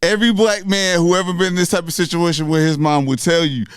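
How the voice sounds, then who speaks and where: A man's voice: sits high, fairly even intonation, fast, clean tone, no room sound, studio quality. A man co-hosting a casual chat, chiming in with short reactions. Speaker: co-host.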